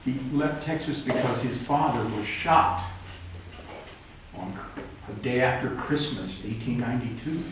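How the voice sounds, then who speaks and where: Reading his own books at a live event, this male author sounds animated yet a little slow, his voice at medium pitch. He's wry and plain-talking, rambling between pieces in a cultural center's event room. The roomy audio was recorded from a distance and has a little hiss or hum.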